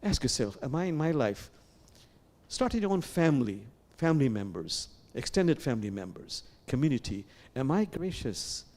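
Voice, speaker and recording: A man leading a sermon as imam, speaking in an animated way with repeated phrases and questions to the listeners. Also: mid-range voice, moderate pace. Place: sanctuary.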